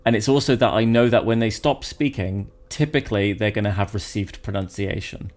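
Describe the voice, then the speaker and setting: A man from Britain co-hosting a podcast in casual chat, animated and rambling, often restarting his sentences. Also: on the low side, fairly quick. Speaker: podcast co-host.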